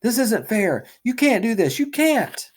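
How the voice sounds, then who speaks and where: Man doing a high boyish voice, stubborn kid. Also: big pitch swings, a little slow, heavily acted. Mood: desperate. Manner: pleading, crying out. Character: young boy, stubborn and desperate.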